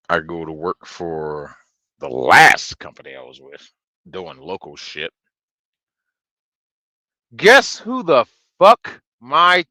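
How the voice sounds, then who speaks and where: A man telling a rambling story on a stream, swearing freely and filling gaps with ums. His voice is deep and his pace is slow. The tone is bright and forceful. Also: dry recording. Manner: profane, rambling, with many fillers. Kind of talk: casual storytelling chat.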